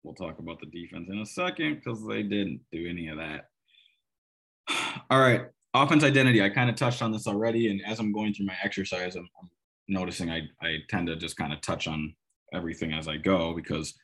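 A man's voice: fairly low pitch, normal speed, fairly bright tone. A man hosting a solo football podcast, talking in a rambling, emphatic, opinionated way with sarcastic asides. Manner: rambling, emphatic, restarts a lot. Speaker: sports podcast host. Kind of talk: casual solo football analysis.

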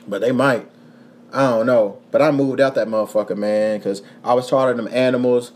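Hosting a casual podcast, a young Kentucky man talks at an ordinary mid-range pitch. His storytelling is loose, animated, and profane, and he laughs along the way.

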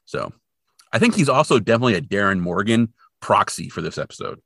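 Animated male podcast co-host. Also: fairly low pitch, fast, vocal fry, breathy edge, no echo, studio quality. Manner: animated, jumps into exaggerated voices for quotes. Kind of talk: casual recap chat.

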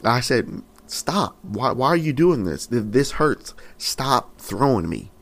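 A man's voice: mid-range voice, sing-song, slow pace, a bit bright, exaggerated voice. A young man in his twenties voicing a talking clay cup that pleads with its maker, asking the same anguished questions over and over. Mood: pleading. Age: 20s.

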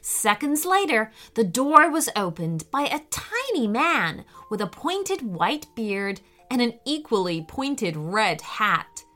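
A woman narrating a children's story in a slow, expressive way. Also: fairly high pitch.

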